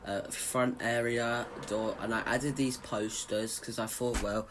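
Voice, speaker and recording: A man's voice: mid-range voice, level tone, unhurried, background noise. A man chatting casually to viewers as he shows off a house he built in a game, rambling with lots of fillers and restarts. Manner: chatty and informal, speaking straight to viewers. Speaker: gaming YouTuber showing a house build.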